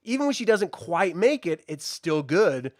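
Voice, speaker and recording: A man co-hosting a casual, profane review chat, animated and laughing often. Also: sits high, moderate pace, dry recording, studio quality. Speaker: podcast co-host reviewing a baking show.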